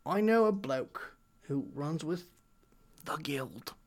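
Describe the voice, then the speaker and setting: A man voicing a nervous, kindly tavern local who stammers and talks in a folksy way, sometimes dropping to a hush. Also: a little high, animated, slow pace. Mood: wary.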